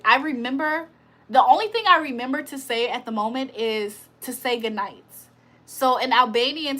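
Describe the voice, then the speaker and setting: A woman's voice: fairly high pitch, a bit bright. A woman hosting a casual livestream, reading viewer comments aloud, teasing them and laughing often. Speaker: livestream host.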